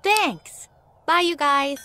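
A woman's voice: sits high, slow, bright, forceful tone, exaggerated voice. Maddie, young village girl. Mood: friendly.

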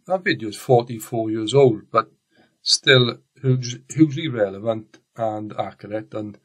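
A man's voice: medium pitch, a bit bright, breathy edge. A man with a Welsh accent, a teacher giving a recorded science lesson in a chatty, rambling way and often restarting his sentences. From Wales. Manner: chatty, rambling, self-correcting.

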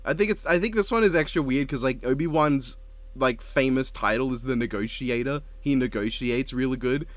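A man's voice: medium pitch, moderate pace, no room sound. A man chatting casually as a co-host, joking, swearing freely and laughing often. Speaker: co-host ranking show intros. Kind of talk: casual podcast chat.

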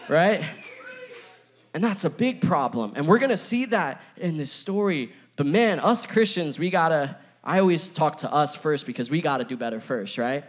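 A man's voice: a little high, animated, normal speed, few pauses. A young man giving a casual, playful youth sermon, chatting with his audience and filling his talk with asides. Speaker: youth pastor.

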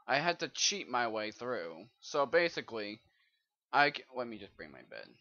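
A man's voice: medium pitch, sing-song, moderate pace, bright, forceful tone. A man rambling and swearing through casual commentary while he plays a video game, muttering to himself, over a dull lo-fi mic. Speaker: gamer doing a let's play.

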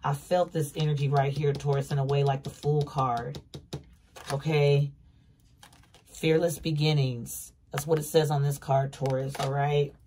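A tarot reader delivers a casual reading in an emphatic, blunt manner. The voice sits at a middling pitch and leans on repetition and swearing for stress. A faint hiss runs under the recording. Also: little pitch movement, measured pace, mellow.

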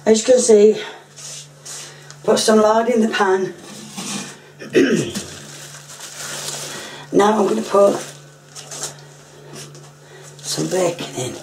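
A hoarse woman who is losing her voice talks casually through a home cooking demonstration. She often clears her throat and apologises. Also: mid-range voice, drawn-out words, long pauses, a little mellow, a little hiss or hum.

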